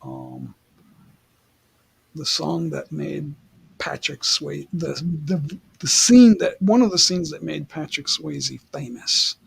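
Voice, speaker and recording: A man's voice: a little high, big pitch swings, slow pace, creaky, slightly rough. A man hosting a livestream, chatting casually and rambling as he reads the chat aloud. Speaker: livestream host.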